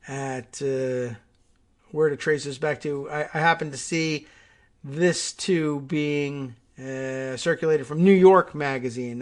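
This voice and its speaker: A man hosting a political talk show, commenting sarcastically and thinking aloud with fillers. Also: mid-range voice. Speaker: podcast host.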